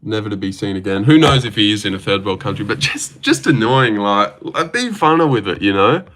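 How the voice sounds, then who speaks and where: A man chatting loosely on a livestream, his voice set low yet bright and forward. He rambles, swears freely and answers viewers' comments in a loose, offhand way. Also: big pitch swings, a little fast, slight background noise. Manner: rambling, profane, reads out and answers chat. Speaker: livestream host reacting to fights. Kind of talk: casual livestream chat.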